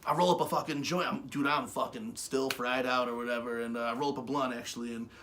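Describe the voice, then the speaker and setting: A man casually telling stories as co-host of a webshow, animated and swearing, with loud bursts. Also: medium pitch, quick pace, a little hiss or hum. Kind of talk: casual storytelling chat.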